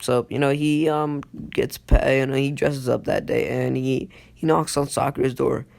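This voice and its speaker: A man's voice: mid-range voice, little pitch movement, moderate pace, creaky, a little mellow. A man casually retelling a fan story, rambling with many fillers.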